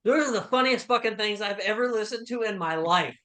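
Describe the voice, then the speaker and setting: A man's voice: high-pitched, brisk, sharp tone. A man who is a guest on a podcast, telling stories with animation, swearing and jumping in over the others. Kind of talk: casual chat.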